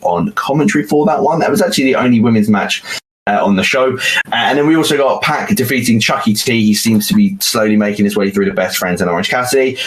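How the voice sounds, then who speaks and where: Animated British man, low voice. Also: poor audio. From United Kingdom. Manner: animated, rambling with fillers. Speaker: podcast co-host. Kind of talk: casual chat.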